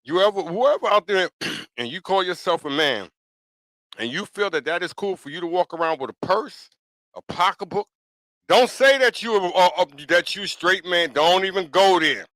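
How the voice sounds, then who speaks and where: A man hosting a talk podcast in a loose monologue, with a voice that sits a little high and has a bright, forceful edge. He hammers his points home bluntly and keeps circling back to them. The sound is dry and close, with almost no room around it. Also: expressive, normal speed, dry recording. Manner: blunt, emphatic and repetitive, with frequent "you know what I'm saying". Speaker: podcast talk show host. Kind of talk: casual opinion monologue.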